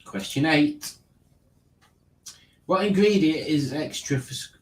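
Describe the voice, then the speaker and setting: A man's voice: on the high side, sing-song, slow pace, pauses often, reverberant, slight background noise, low-quality recording. A man hosting a casual online quiz, reading questions and joking about them. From Liverpool, England. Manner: wry, mocking the questions. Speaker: quiz host.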